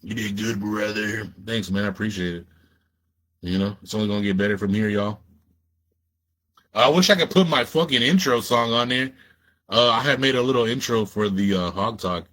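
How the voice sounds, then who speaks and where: A man's voice: lowish voice, normal speed, a bit bright. A man hosting a casual livestream, talking loosely and profanely straight to his viewers. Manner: laid-back, profane, talks straight to viewers. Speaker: livestream host.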